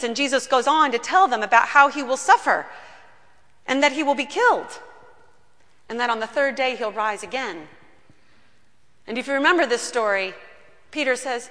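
A woman pastor preaching a sermon in a church, telling the story earnestly and slowing down on key words. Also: a little high, sharp tone. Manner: earnest storytelling, slows down for emphasis. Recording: long reverb of a large room.

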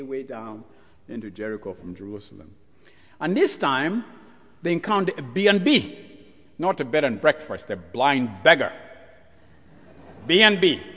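A male pastor preaching a sermon, animated and full of rhetorical questions, acting out the voices in the story. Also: mid-range voice, slightly rough. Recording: long church hall reverb.

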